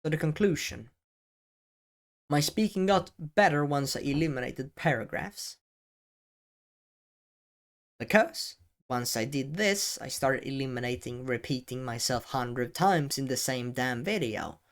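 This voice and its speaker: A deliberate man stressing his words. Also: medium pitch, expressive. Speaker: educational video creator. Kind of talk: talking-head advice vlog. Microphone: camera-facing setup.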